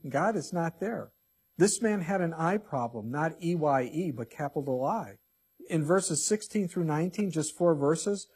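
A male pastor preaching a sermon, reading scripture and swinging between loud emphatic lines and hushed ones. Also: a little high, breathy edge.

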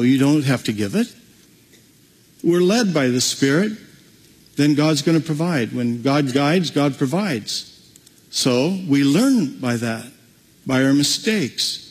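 A male preacher with a slightly high, husky voice, delivering an animated sermon full of storytelling. His words ring out in a long-reverb hall.

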